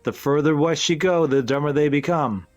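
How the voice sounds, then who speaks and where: A man's voice: fairly high pitch, normal speed, lo-fi sound, faint music behind. A man hosting a comedic panel chat, teasing and sarcastic with a guest. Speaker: host.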